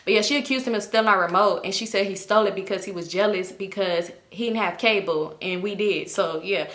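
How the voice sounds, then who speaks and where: A woman, the vlogger of her channel, telling a story to her viewers in a casual, animated way, swearing freely and often breaking into laughter. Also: mid-range voice, fairly quick. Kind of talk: storytime vlog.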